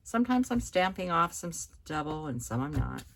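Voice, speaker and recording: A woman with a low, gravelly voice talks through a card-making tutorial in a relaxed, chatty way. She explains each step as she works at her table, with faint tool clicks in the background. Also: moderate pace, a little hiss or hum. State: hiccups. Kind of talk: hands-on craft tutorial.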